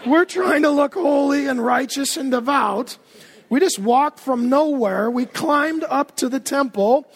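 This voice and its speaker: A man preaching a sermon while voicing a crowd of impatient worshippers, shouting and complaining. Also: very high voice, unhurried, creaky, pitched above the performer's own voice, full character voice. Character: impatient worshippers waiting outside, a group.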